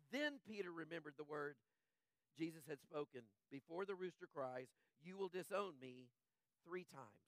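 A man with a high, light voice delivers a conversational sermon, often asking his listeners "right?" as he goes. He sinks soft and low when he dwells on sorrow. The sound is dry and close, with no room echo. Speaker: pastor.

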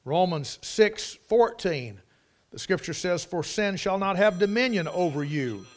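A man's voice: sits high, expressive, unhurried. A man preaching a sermon, emphatic, repeating key words for stress.

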